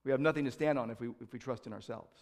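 Preaching at a racing pace in a medium-pitched voice, this pastor swings from loud declarations to quiet, thoughtful asides. He repeats key phrases and asks rhetorical questions throughout his sermon.

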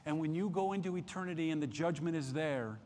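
A man's voice: fast talker, darkish tone. Emphatic preaching man in reverberant hall. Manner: emphatic preaching with rising pitch and volume, many restarts. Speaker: pastor. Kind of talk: sermon. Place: church sanctuary.

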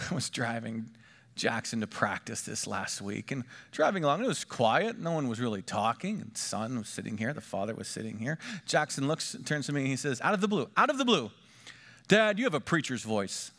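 A middle-aged man preaching a sermon as pastor, moving between hushed, quiet asides and lifted, emphatic lines. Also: medium pitch, big pitch swings, moderate pace.

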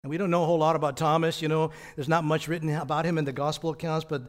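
A man with a fairly high voice delivers a conversational sermon. He asks his congregation rhetorical questions and answers them himself, often stumbling over repeated words. Light chuckles come between his points. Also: level tone, rapid-fire. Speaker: pastor.

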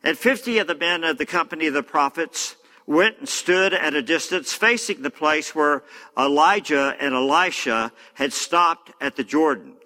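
A man's voice: fairly high pitch, bright, forceful tone. A man preaching a sermon, reading scripture aloud with frequent fillers and casual asides. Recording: long hall reverb.

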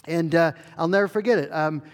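A man's voice: on the high side, a little fast, long reverb tail. A middle-aged male pastor preaching a sermon in an earnest way, with fillers and restarts.

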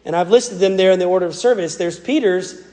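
A man's voice: sits high, fairly quick, warm tone, long reverb tail. A man with a Southern US accent, preaching a sermon as a pastor in an earnest, conversational way.

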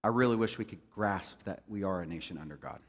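A man preaching a sermon in an animated, conversational way, mixing jokes with scripture. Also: deep voice, quick pace, in a large hall. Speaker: pastor.

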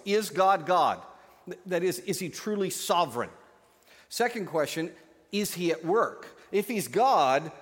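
A man's voice: fairly high pitch, in a large hall. A man preaching a sermon as pastor, telling a joke with acted-out voices before turning to scripture. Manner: animated storytelling, acts out voices in a joke.

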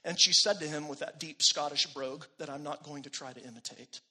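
Bright, husky-voiced male preacher. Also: a little high, brisk, hardly any pauses. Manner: earnest preaching, swelling louder at key phrases, dropping soft at line ends. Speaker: pastor. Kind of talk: sermon.

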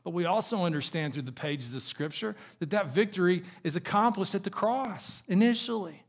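A man's voice: high voice, normal speed. A male pastor preaching an expository sermon, asking the congregation question after question and building to emphatic peaks.

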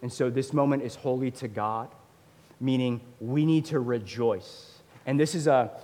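Pastor, male, 30s, animated conversational sermon delivery with fillers, mid pitch, recorded in a reverberant church hall.

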